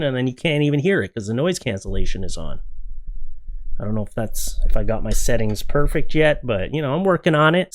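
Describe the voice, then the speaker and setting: A man in casual comedic commentary, joking and chatty as he reacts to tattoo photos and talks to his dog in his office. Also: mid-range voice. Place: home office.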